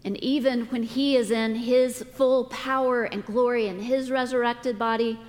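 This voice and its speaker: A middle-aged woman pastor preaching a sermon, speaking deliberately with dramatic pauses. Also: a little high, fairly even intonation, a little mellow. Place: church sanctuary. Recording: long reverb of a church hall.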